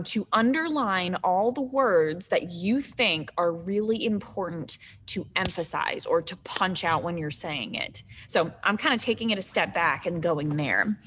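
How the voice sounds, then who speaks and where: A woman's voice: lowish voice, a bit bright, a little hiss or hum. A woman teaching acting in an instructional video, encouraging and often checking in with the viewer.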